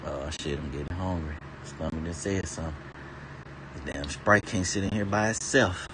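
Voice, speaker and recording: Man, low-pitched, swearing, rambling, casual rant, chuckling asides. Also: moderate pace, noisy background. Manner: profane, laughs between lines, digresses freely. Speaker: streamer.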